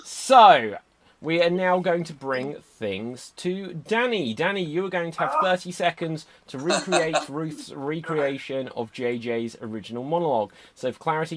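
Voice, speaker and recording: Upbeat man hosting an online improv show. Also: a little high. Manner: brisk, upbeat instructions. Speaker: host. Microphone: video call.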